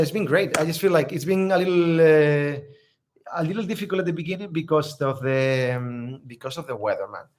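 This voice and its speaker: A travel vlogger, a man, talks through viewer questions in a loose, unscripted Q&A. He rambles and leans on fillers as he goes. His tone stays upbeat and friendly, and he laughs easily. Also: fairly high pitch. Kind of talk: casual live Q&A chat.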